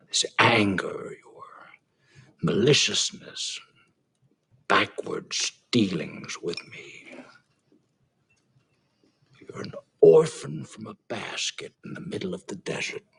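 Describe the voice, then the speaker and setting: An actor playing a ruthless, bitter middle-aged oilman, his voice gravelly and raspy, swinging from hushed menace to shouting in a dramatic film scene. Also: mid-range voice, heavily acted. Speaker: film character.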